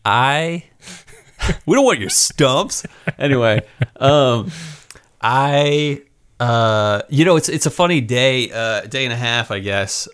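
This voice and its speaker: Male podcast co-host, rambling storyteller, mid-pitched. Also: animated, a bit bright, clear, resonant tone. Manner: storytelling, halting with restarts and quoted voices. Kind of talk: casual podcast chat.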